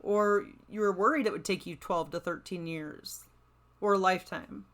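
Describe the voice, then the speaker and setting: A woman's voice: fairly low pitch, moderate pace, fairly bright tone. A woman hosting a solo motivational podcast, talking in an upbeat, encouraging, chatty way and often checking in with "right?". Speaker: podcast host.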